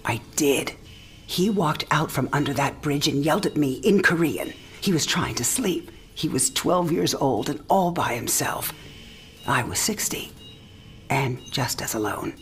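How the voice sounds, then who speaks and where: An actress playing a frail, dying elderly mother, speaking softly in a breathy half-whisper. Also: low-pitched, lively intonation, unhurried, a little hiss or hum. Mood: reflective. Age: older. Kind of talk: game cinematic acting.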